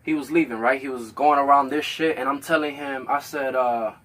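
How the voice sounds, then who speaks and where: A man hosting a podcast, telling a story in casual chat, animated and profane, acting out both sides of a quarrel. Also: medium pitch, brisk. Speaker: podcast host.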